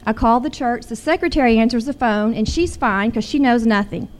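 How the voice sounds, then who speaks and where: A woman's voice: a little high, brisk. A middle-aged woman, earnestly telling a personal story. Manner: earnest, growing intense when retelling. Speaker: guest sharing a personal story.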